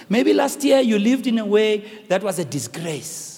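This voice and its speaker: A man preaching a sermon, swinging between shouted, sung phrases and hushed speech. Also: high voice, expressive, measured pace, creaky. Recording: long hall reverb.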